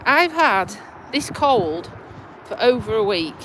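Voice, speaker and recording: A Lincolnshire woman, a vlogger and community nurse, chats bluntly on a live stream as she walks outdoors by a tidal river bridge, swearing casually, out of breath and stuffy with a cold. Her voice is a little high, very animated and fairly bright, and she takes it slowly. There's a little hiss or hum in the recording.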